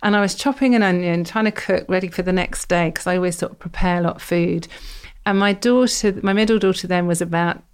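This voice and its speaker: Lively British woman telling her story. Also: smooth. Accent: British English. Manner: lively, expressive, quick pitch jumps. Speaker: doctor, podcast guest. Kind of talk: personal storytelling in an interview.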